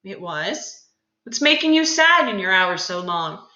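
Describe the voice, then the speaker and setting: A woman reading aloud as a patient young man who gently coaxes his cousin to open up. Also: mid-range voice, very animated, measured pace, muffled recording. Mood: coaxing. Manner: gentle, coaxing questions. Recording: roomy echo.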